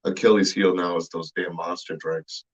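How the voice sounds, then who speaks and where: A man's voice: low voice, flat delivery, moderate pace. A male host in a casual interview chat, easygoing and agreeable, often restarting his sentences. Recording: dull lo-fi sound.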